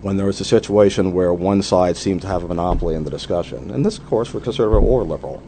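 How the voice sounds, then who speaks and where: Deep-voiced man musing in an interview. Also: dark tone, slight background noise. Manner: measured, many "you know" fillers. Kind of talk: conversational interview.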